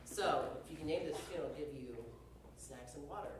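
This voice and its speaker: A man's voice: on the high side, brisk, noisy background. A young man conducting a band rehearsal, chatty and joking as he gives instructions. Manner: chatty, joking, uses y'all. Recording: very echoey hall from far off.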